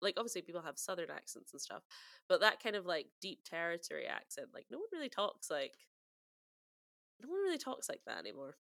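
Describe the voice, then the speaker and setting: A woman's voice: on the low side, very animated, fairly quick, gravelly, fairly bright tone, no room sound. A woman co-hosting a podcast in casual chat, talkative and prone to laughing. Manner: chatty, giggly, lots of fillers. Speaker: podcast co-host.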